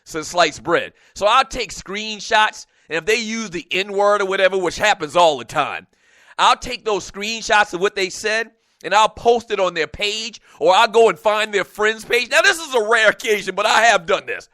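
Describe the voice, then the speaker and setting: A middle-aged man hosting a sports talk radio show, venting in an animated way and laughing often. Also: high-pitched, normal speed, no echo.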